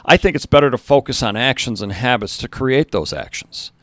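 Man acting out a passionate coach, rousing locker-room speech, middle-pitched male voice, dry recording. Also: expressive, brisk, no echo, lightly acted. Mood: earnest. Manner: earnest, rousing pep talk. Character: passionate male high school basketball coach.

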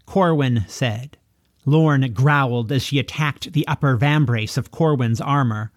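A man narrating a children's novel, reading in an expressive storytelling manner. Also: medium pitch, measured pace, dry recording, clean studio sound. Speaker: audiobook narrator. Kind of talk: audiobook reading.

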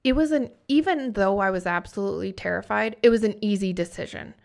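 A woman's voice: mid-range voice, fairly quick, vocal fry, a little mellow. Earnest woman telling her story. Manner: earnest, heartfelt, often restarting sentences. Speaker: podcast guest. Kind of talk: candid conversational storytelling.

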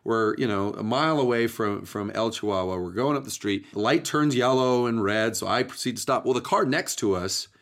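A man hosting a podcast, telling his stories in an animated, chatty casual way. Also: lowish voice, brisk, hardly any pauses. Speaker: podcast host. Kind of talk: casual storytelling chat.

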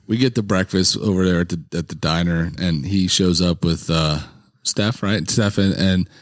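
A man's voice: deep voice, moderate pace, no echo, studio quality. A man hosting a podcast in casual chat, teasing his guest and asking lots of questions. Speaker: podcast host.

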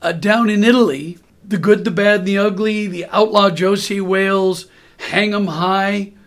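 A man doing a calm, modest film star. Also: high-pitched, moderate pace. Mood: easygoing.

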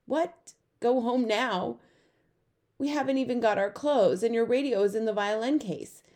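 A woman's voice: fairly high pitch, unhurried, a little mellow, pitched above the performer's own voice, lightly acted. A woman voicing a dramatic, tearful young girl who is earnest and fussy about grammar, in an audiobook. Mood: upset. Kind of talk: audiobook character voice.

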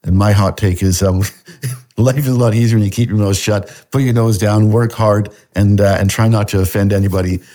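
A man with a low voice and a Canadian accent carrying a faint Scottish lilt. He talks casually as a podcast guest. His sentences stop and restart around many fillers. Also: fairly even intonation, dark tone. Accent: Canadian with a slight Scottish tinge. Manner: halting, many fillers and restarts, laughs often. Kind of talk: casual interview chat.

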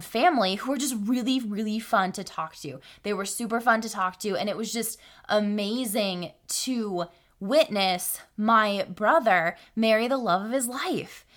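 A woman's voice: medium pitch, a bit bright. A young woman from Arkansas hosting a solo podcast, talking casually and often tagging her sentences with "right?" between fillers. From Arkansas, USA. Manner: chatty, keeps asking "right?", many fillers. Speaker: podcast host.

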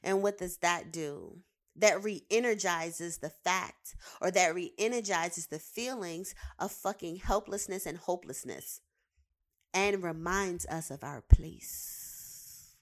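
A woman's voice: lowish voice, takes it slowly. A woman giving a heated, profane commentary, repeating words for emphasis; she works in the behavioral sciences. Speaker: behavioral science professional with clients. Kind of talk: casual ranting commentary.

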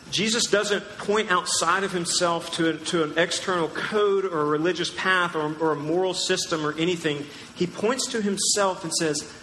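A pastor preaching a sermon, teaching emphatically and asking the crowd questions. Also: male voice, on the high side, normal speed, sharp tone, slight background noise. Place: large church hall. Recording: echoey church hall with long reverb.

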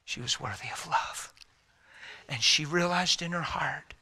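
Man guest, emotional faith testimony, animated, loud then hushed, very bright and slightly high voice. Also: a little slow, husky. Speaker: guest telling a personal story.

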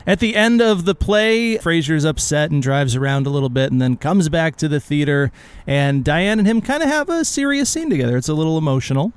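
A man's voice: on the high side, animated, fairly quick, smooth, no echo. A man co-hosting a podcast in casual chat, leading the discussion with questions and plenty of fillers. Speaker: podcast co-host.

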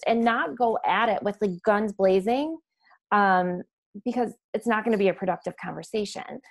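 A woman with a mid-range voice hosts the conversation. She mostly offers short affirmations, then reflects back and sums up in an even, measured way. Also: mid-range voice. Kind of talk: professional conversation.

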